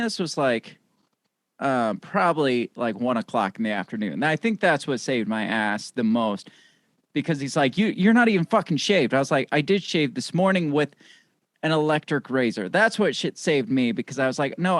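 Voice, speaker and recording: A man's voice: medium pitch, animated, moderate pace, fairly bright tone, dry recording. A man guesting on a podcast, joking and laughing through profane, casual banter.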